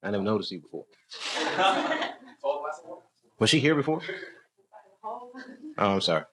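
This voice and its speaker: A man's voice: medium pitch, wildly swooping pitch, measured pace, a crowd in the background. A man, a stand-up comedian, chatting casually and laughing with fans after a show. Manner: laughing, loose and joking. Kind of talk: casual banter with audience.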